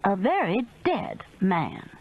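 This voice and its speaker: A woman reading a cozy mystery audiobook in expressive first-person narration. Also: mid-range voice, slow pace, narrow, tinny audio. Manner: expressive storytelling.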